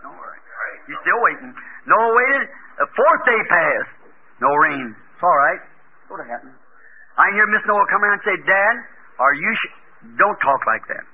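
High-voiced preacher on old tape. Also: male voice. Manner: folksy storytelling, acting out biblical characters. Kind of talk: sermon. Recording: tinny lo-fi old tape with hiss.

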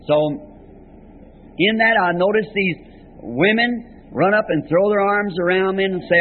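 A man's voice: high voice, a little slow. A man preaching a sermon, telling of a vision in an earnest, folksy way with plain rural grammar. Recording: tinny lo-fi archival tape with faint hiss.

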